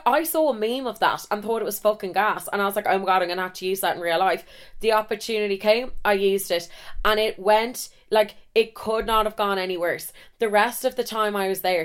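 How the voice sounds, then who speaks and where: This woman in her twenties has an Irish accent and a clean, medium-pitched voice. As a podcast host, she tells funny stories in a casual monologue, chatty and self-deprecating, with plenty of swearing.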